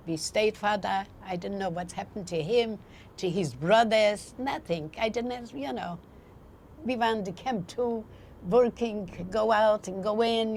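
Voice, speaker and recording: An older woman recounting memories in a halting way, acting out the voices in her story. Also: mid-range voice, a little hiss or hum. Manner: halting, acts out quoted dialogue. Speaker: interviewee. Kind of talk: personal recollection.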